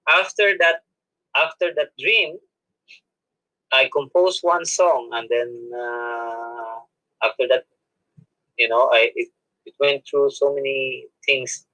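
A man's voice: mid-range voice, slow pace, pauses often, bright, forceful tone, rough recording. A man, a monk guest, telling a personal story in an interview with many restarts and self-corrections and frequent laughs. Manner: laughs often while telling.

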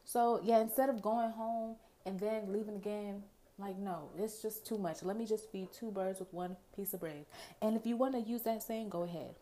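A young woman vlogger telling a casual storytime to her viewers, animated and chatty, talking to them directly and acting out her own thoughts. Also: mid-range voice, moderate pace, slight background noise. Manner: dramatic asides and quoted self-talk. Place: indoors at home, near a window with rain outside.

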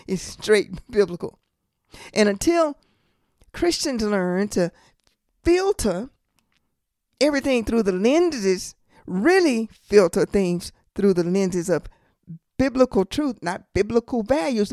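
A woman's voice: on the high side, a little mellow, no echo. Emphatic preaching woman, dry sound. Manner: emphatic, repeats phrases for stress, rhetorical questions; colloquial asides. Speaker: podcast host and Bible teacher. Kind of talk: preaching monologue.

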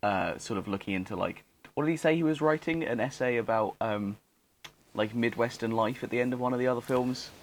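A man's voice: medium pitch, a little hiss or hum. Young male podcast co-host, mid-range voice, loose and rambling delivery. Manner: rambling, halting with fillers and restarts. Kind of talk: casual chat.

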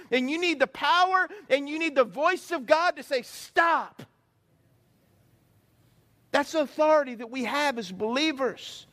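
A man with a high, bright voice preaches a lively sermon. He acts out little voices and shouts, then drops low and quiet. He keeps calling out to the congregation for answers. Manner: animated preaching with acted-out voices and call-and-response. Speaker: pastor.

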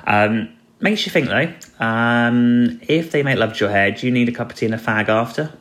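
A man's voice: mid-range voice, expressive, normal speed, a bit bright. A man hosting a solo podcast, talking in a rambling, chatty way with dry jokes and plenty of ums and uhs. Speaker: podcast host. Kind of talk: casual solo podcast recap.

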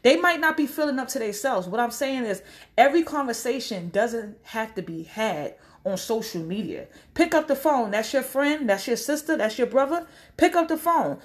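A woman delivers a casual vlog rant full of blunt, profane advice. Her fairly high voice swings widely in pitch as she acts out quoted voices. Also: animated, moderate pace. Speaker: social media commentator. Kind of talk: casual direct-to-camera rant.

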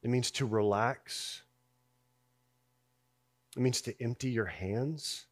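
A man giving a sermon as pastor, in a conversational way, dropping soft on key lines and rising when he voices people's doubts. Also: medium pitch, slow.

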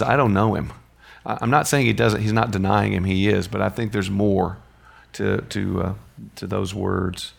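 Male Bible teacher, low and gravelly; conversational classroom lesson with rhetorical questions.

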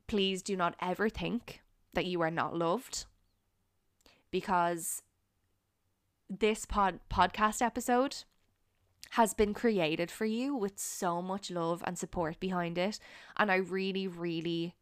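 A young woman hosting a solo podcast, talking in an earnest, encouraging way with frequent pauses. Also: fairly low pitch, fairly even intonation, smooth, no room sound, studio quality. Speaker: podcast host. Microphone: studio microphone.

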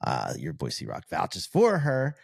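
A man's voice: deep voice, wildly swooping pitch, slow pace, creaky, breathy edge. A man hosting his own podcast, chatting casually with a guest in a laid-back, slangy, enthusiastic way. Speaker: podcast host.

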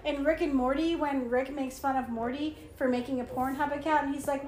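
A woman chatting casually about a movie, full of "like" and quick to argue her point. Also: high-pitched, fairly even intonation, darkish tone. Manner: chatty, lots of "like", argumentative. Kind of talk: casual movie commentary chat. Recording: roomy room with faint noise.

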